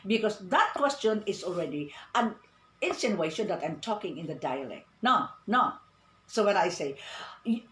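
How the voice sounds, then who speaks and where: A woman's voice: medium pitch, fairly bright tone. A woman teaching an English lesson in an online radio-style class, emphatic and repeating "no, no" to correct habits. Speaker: English tutor. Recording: echoey room with faint ambient noise.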